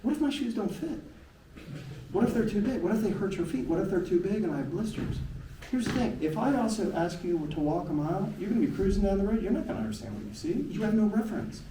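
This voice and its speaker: Animated middle-aged man speaking in an echoey hall. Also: fast. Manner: animated and emphatic, with big swings in pitch and frequent rhetorical questions. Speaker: motivational speaker. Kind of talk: live presentation to an audience. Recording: echoey, distant hall sound with faint noise.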